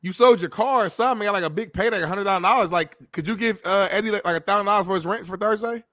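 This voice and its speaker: A man's voice: high-pitched, rapid-fire, a bit bright, dry recording, clean studio sound. A man co-hosting a sports talk show, chatting in a laid-back, joking, playful way. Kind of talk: casual chat.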